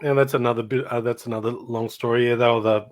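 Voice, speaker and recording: A man's voice: medium pitch, fairly even intonation, quick pace. A middle-aged Australian man telling rambling stories about his old band in casual chat, laughing and imitating people as he goes.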